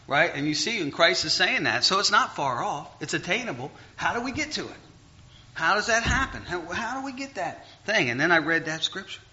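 A male preacher with a fairly high, very bright and cutting tone, carried by his story. He keeps asking the room rhetorical questions in an animated, storytelling style. The recording sounds dull and lo-fi. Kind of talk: sermon with personal story.

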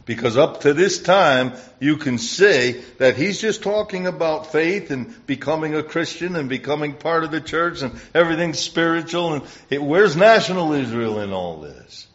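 A man preaching a sermon, emphatic, building to loud bursts on key points. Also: a little high, expressive, normal speed, few pauses. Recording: dull lo-fi recording.

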